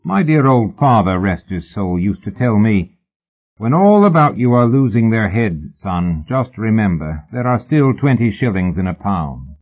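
In a storybook reading, a man voices an easygoing, working-class bill-sticker boss who speaks in a cheerful, folksy, unhurried way. His voice is lowish with big pitch swings, and the audio sounds tinny, like a phone.

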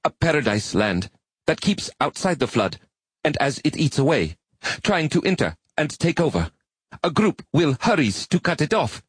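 A man doing a high, fussy spider-like alien scholar. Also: big pitch swings, moderate pace, husky, dry recording. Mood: earnest. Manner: stiff formal phrasing, eager recitation. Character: earnest, fussy male quasi-arachnid alien scholar.

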